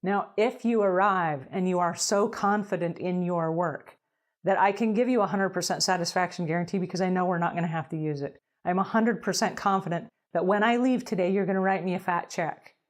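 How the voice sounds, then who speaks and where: A woman's voice: fairly low pitch, fairly quick. A woman giving emphatic, direct advice to house cleaners as a business coach in an advice talk.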